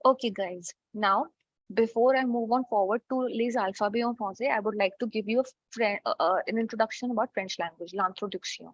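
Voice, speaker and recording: Over a video call, a woman leads an online French lesson step by step, frequently pausing to say "okay." She speaks fairly quickly in a slightly high voice, and the recording is dry, dull, lo-fi online call audio.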